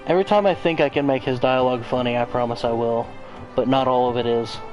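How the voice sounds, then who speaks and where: A man's voice: medium pitch, steady tone, quick pace, a little mellow, muffled recording, faint music behind. Profane rambling gamer man. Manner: rambling, profane, joking asides. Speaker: let's play host. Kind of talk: casual gameplay commentary.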